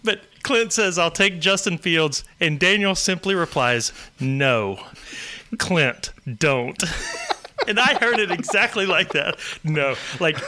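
A man talking on a sports podcast with a higher, bright voice. His pitch moves all over the place as he tells the story. He sounds eager and quick to laugh. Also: lively intonation, slight background noise. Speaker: podcast co-host. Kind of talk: casual sports chat.

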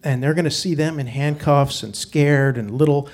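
A man telling a true personal story on stage, wry and animated, acting out the people he quotes. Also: a little high, moderate pace. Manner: wry, animated, quotes others in their voices.

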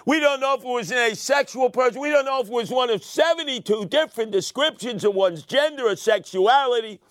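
An older man hosting a sarcastic, theatrical opinion monologue, dropping to mutters and rising to shouts. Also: very high-pitched, brisk, no echo. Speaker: radio commentary host.

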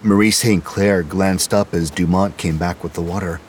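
Low-voiced male audiobook narrator. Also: steady tone, darkish tone, a little hiss or hum. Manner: measured storytelling.

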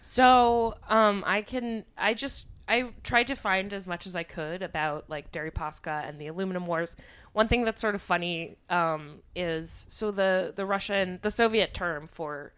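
A woman's voice: fairly low pitch, a little slow, few pauses, fairly bright tone, clear, resonant tone. A woman co-hosting a casual podcast chat, talking in chatty runs full of likes and restarts. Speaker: podcast co-host, fact checker.

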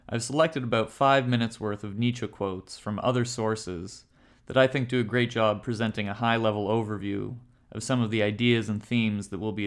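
Smooth low-voiced podcast host. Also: male voice. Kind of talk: casual podcast introduction.

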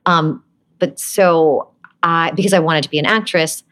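A woman's voice: deep voice, measured pace, a bit bright. A woman from Brooklyn, an actress guest on a podcast, talking easily and laughing often. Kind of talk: casual interview chat.

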